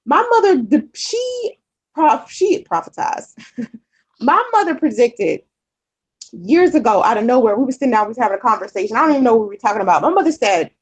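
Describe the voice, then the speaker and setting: A woman's voice: a little high, expressive, a little fast, breathy edge, low-quality recording. A woman vlogger chatting candidly with her viewers, rambling with many fillers and repeats. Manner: chatty and candid, often swears. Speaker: vlogger answering viewer comments. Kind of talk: casual chat.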